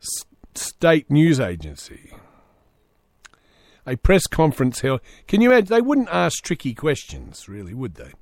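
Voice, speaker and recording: A man's voice: mid-range voice, wildly swooping pitch, a little slow, pauses often, darkish tone, no echo, clean studio sound. A man hosting a solo comedy podcast, reading news aloud with sarcastic asides. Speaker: podcast host.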